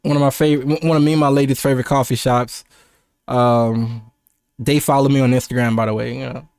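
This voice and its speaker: A man's voice: mid-range voice, fairly even intonation, brisk, a little mellow, smooth, dry recording, clean studio sound. A young American man chatting casually on a livestream, rambling and laid-back with lots of restarts and laughs. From United States. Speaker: streamer.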